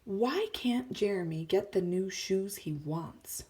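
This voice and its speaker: A woman's voice: mid-range voice, lively intonation, slow, a little mellow. A woman teacher reading a story aloud to children, explaining words and often dropping to a whisper. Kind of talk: read-aloud lesson for children.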